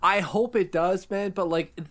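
A man co-hosting a casual sports podcast, animated and joking with his partner. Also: sits high, unhurried. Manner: animated, jokey, reads ad copy. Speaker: podcast co-host.

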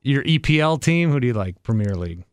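A man's voice: mid-range voice, lively intonation, smooth, dry recording, studio quality. A man from Wisconsin hosting a casual podcast chat, wisecracking and poking fun at himself. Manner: wisecracking and self-mocking, quick asides. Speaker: podcast host.

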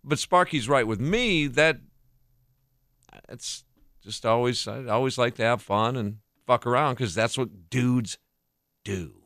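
A man's voice: medium pitch, unhurried, long pauses, a bit bright, no room sound, studio quality. A man hosting a casual podcast chat, talking in a laid-back, rambling way with restarts. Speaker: podcast host.

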